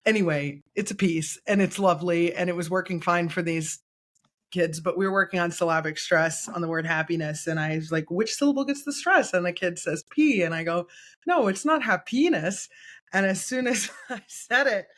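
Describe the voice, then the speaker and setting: A woman's voice: fairly low pitch, fairly quick, fairly bright tone. A woman guest in a casual podcast interview, a candid, chatty storyteller who often laughs. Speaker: guest choral conductor and educator.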